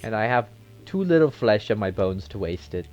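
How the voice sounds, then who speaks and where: A man's voice: on the low side, big pitch swings, normal speed, a little mellow, muffled recording, soft background music. A man voicing a polite, lonely undead zombie chained in a dungeon, speaking with exaggerated courtesy and a put-on German accent. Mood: courteous. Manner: overly courteous, formal.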